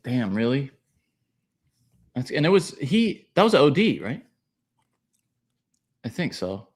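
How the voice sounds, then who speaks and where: Male co-host, laid-back, hesitant, trails off, ordinary pitch. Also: sing-song, slow pace, breathy edge. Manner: easygoing, hesitant, trails off mid-sentence. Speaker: podcast co-host. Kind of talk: casual comedy podcast chat.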